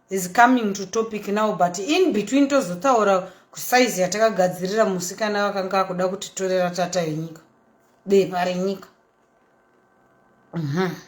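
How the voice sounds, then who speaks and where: Chatty Zimbabwean woman in an echoey room. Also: mid-range voice. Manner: chatty, switches between English and Shona, animated asides. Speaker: socialite vlogger. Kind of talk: casual storytelling monologue.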